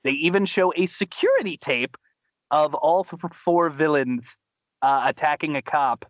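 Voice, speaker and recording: An enthusiastic man hosting a podcast, rambling through a recap with lots of fillers. His voice sits a little high. The sound is dull and lo-fi, and very dry. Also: sing-song, normal speed, dry recording. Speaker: podcast host. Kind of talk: casual chat.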